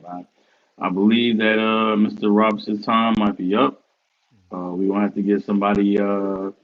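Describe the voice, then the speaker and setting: A man co-hosting a sports podcast, earnestly defending his team in casual banter. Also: fairly low pitch. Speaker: podcast co-host. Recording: dull muffled audio.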